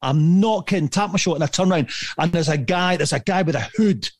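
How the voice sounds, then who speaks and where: A middle-aged man telling a rambling, animated story as a podcast guest, swearing freely and laughing at himself. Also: on the high side, fast talker, dry recording. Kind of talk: casual anecdote telling.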